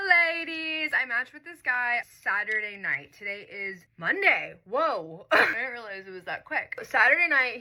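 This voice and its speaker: Bright, lively young woman vlogger. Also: a little high. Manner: bubbly, giggly, acts out texts in voices. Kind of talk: chatty get-ready-with-me storytime.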